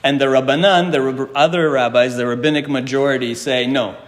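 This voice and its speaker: A man leads a Talmud class at a steady middle pitch. He reads each Hebrew and Aramaic line aloud, explains it in English and turns to the room with questions. His voice rings with a long reverb, as in a hall. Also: fairly quick. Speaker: Torah teacher.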